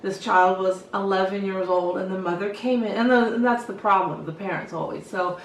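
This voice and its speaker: A middle-aged woman hairstylist telling stories in a casual, lively way and acting out what she said to the kids. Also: medium pitch, normal speed, a little hiss or hum. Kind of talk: casual storytelling to camera. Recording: echoey room, voice from some distance.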